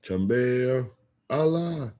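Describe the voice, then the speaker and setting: A young man chatting casually with viewers on a livestream, rambling with lots of filler words and quick restarts. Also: mid-range voice, lively intonation, dark tone. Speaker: livestream host. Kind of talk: casual live-stream chat with viewers.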